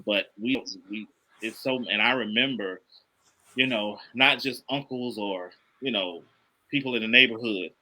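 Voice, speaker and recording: Bright-voiced earnest father, preaching softly. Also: medium pitch, a little slow, poor audio. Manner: earnest, preachy, emphatic repetition. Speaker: podcast guest, father. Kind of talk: casual conversation.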